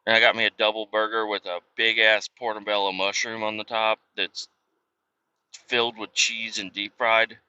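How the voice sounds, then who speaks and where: This podcast host, a man in his thirties, rambles through profane stories in casual monologue, acting out what others said. His lowish voice stays fairly level in pitch at a moderate pace, bright, forceful, and smooth. The recording is dry and sounds dull and lo-fi.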